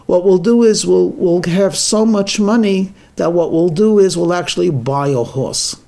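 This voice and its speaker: A man acting out an ambitious village husband, full of schemes and pushing every plan further. The voice sits high and stays insistent. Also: measured pace, gravelly, dark tone. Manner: insistent, grandly planning, bursts into anger.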